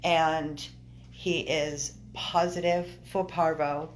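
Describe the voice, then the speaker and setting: Upset woman rescuer crying through a phone update, low voice, keeps repeating herself, pleading, in a vet exam room. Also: level tone, takes it slowly, a little hiss or hum. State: tearful, upset. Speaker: dog rescuer. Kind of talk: emotional video update to viewers. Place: animal hospital exam room.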